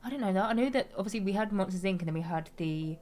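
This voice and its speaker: A woman's voice: medium pitch, lively intonation, quick pace, a little mellow. A young woman streaming a game, chatting casually, giggling and reading chat aloud.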